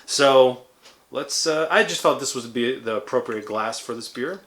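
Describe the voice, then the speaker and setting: Guy in his 30s doing a chill beer review vlog, bright tense voice, goofy little jokes. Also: medium pitch, a little slow, slight background noise. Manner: playful, jokey, chatty asides. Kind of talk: casual food and drink review vlog.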